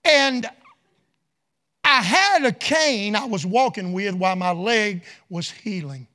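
A middle-aged man delivers a story-filled revival sermon in a folksy way, building from quiet asides up to loud, shouted peaks. His voice sits high, with lively intonation and a slow pace.

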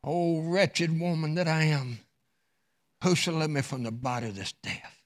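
A man's voice: on the high side, fairly even intonation, moderate pace, close to an everyday voice. A man voicing a worn-down wife who mournfully laments her own failings. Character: weary, guilt-ridden wife lamenting herself.

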